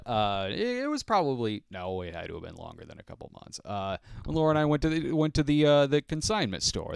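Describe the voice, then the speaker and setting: A man's voice: medium pitch, clean tone, dry recording, studio quality. A man hosting a casual solo podcast, rambling and self-deprecating, chuckling often as he acts out little scenes. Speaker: podcast host.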